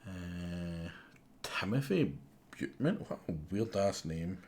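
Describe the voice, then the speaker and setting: A man streaming live, muttering to himself as he reasons through a puzzle game, with sudden bursts of excitement. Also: sits low, takes it slowly, slight background noise. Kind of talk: live gameplay commentary.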